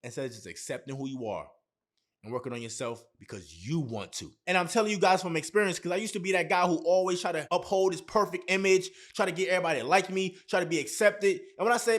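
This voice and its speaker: A man's voice: high voice, fast talker. A young man giving relationship and confidence advice as a vlogger, emphatic and repetitive with heavy slang. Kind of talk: motivational advice talk to camera.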